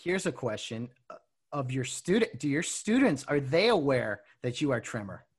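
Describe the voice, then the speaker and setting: A man's voice: medium pitch, sing-song, normal speed, breathy edge. A man hosting a casual interview, affable and chatty. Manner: affable, chatty, laughs easily.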